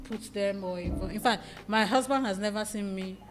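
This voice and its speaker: A woman's voice: medium pitch, normal speed. A woman with a Nigerian accent, chatting animatedly as an interview guest and laughing often as she tells stories. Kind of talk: casual interview chat. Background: background music.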